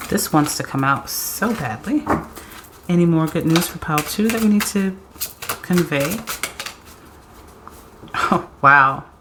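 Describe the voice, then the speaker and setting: A woman doing a pick-a-card tarot reading, excitable and slangy, often laughing and acting out quotes. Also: deep voice, a little slow, long pauses, noisy background. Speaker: tarot reader.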